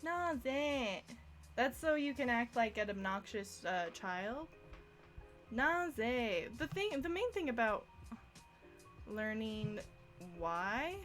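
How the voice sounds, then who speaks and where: A young woman with a slightly high voice talks through a casual language lesson, chatty and quick to laugh at her own slips. Faint music plays softly behind her. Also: sing-song. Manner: chatty, self-deprecating, laughs often. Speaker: language teacher. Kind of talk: casual live-streamed lesson.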